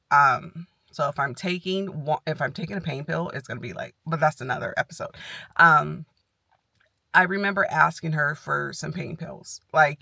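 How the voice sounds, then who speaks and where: Candid woman telling her story, bright voice. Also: sits low, moderate pace, vocal fry, no room sound, studio quality. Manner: candid and animated, retelling with quoted dialogue. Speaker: health vlogger. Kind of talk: casual storytelling vlog.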